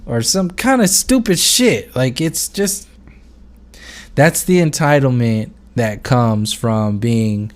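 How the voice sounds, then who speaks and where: Man vlogger, loose and rambling, medium-pitched, swears a lot, talks straight to camera. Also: animated, slow. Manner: rambling, full of fillers and restarts, swears freely. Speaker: video blogger. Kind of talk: unscripted monologue.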